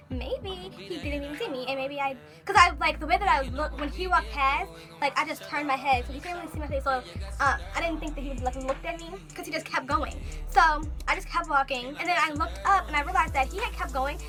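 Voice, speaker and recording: A young woman vlogger telling a personal story in a casual, animated way, full of fillers and quoted thoughts. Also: high-pitched. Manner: animated, talks fast with many fillers.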